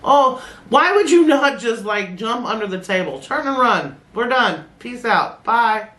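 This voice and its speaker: With a fairly high, slightly bright voice, lively intonation and a measured pace, a middle-aged woman reacts on camera in a relaxed, blunt way, laughing and swearing freely. She's recorded in a roomy room with echo.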